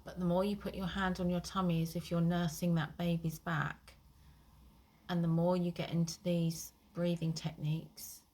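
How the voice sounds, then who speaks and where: A woman's voice: on the low side, flat delivery, moderate pace, darkish tone. A woman, an IBS therapist, talking straight to her listener with frank encouragement and the odd light swear. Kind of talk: casual direct-to-camera advice.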